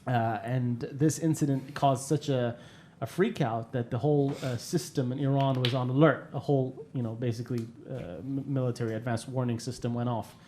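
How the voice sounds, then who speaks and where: A man's voice: medium pitch, fairly even intonation, normal speed, dark tone, slight background noise. A man hosting a podcast in casual chat, talking into a studio microphone, swearing freely and laughing often. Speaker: podcast host. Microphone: studio microphone with headphones.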